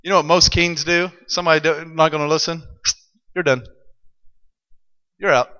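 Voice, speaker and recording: Male preacher, animated storytelling sermon, bright and forceful voice, long hall reverb. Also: on the high side, normal speed, lo-fi sound. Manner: animated, dramatic retelling. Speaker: pastor.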